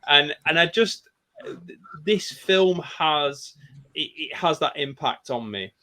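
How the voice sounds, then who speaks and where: A man's voice: a little high, lively intonation, slow, sharp tone. Enthusiastic man in his thirties. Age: 30s. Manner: enthusiastic, nostalgic, with many restarts. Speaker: podcast guest. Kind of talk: casual podcast discussion.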